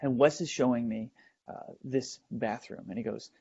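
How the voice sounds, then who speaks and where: A man hosting a show, telling a first-person ghost story in a halting way, with many fillers and restarts as he builds suspense, in a dull lo-fi recording. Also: mid-range voice, steady tone, dark tone, husky. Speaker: host.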